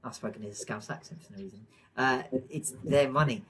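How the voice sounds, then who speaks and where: A man co-hosting a podcast in casual chat, rambling with fillers and quick to laugh. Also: mid-range voice, a little hiss or hum, poor audio. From England. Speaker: podcast co-host.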